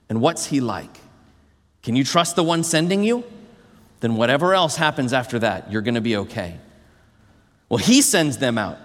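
A man delivers a sermon in a high, bright register, animated and emphatic, sinking low and slow on key phrases. His voice rings through a church with a long, lingering reverb. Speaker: pastor.

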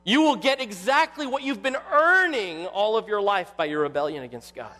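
A male pastor preaching a sermon with animated delivery, acting out quoted voices. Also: high-pitched, moderate pace, in a large hall.

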